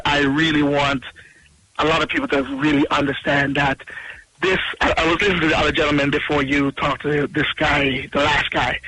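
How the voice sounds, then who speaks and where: A man's voice: a little high, bright, forceful tone, slightly rough, low-quality recording. Insistent Jamaican man calling in. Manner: insistent, sarcastic. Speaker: caller. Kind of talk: phone-in talk.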